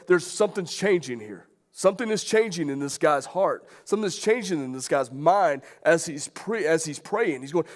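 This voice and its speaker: A man delivering a sermon, his voice sitting high for a man. He talks to the congregation directly, asks rhetorical questions and reads scripture aloud. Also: lively intonation, a little slow. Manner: conversational preaching with rhetorical questions. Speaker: pastor.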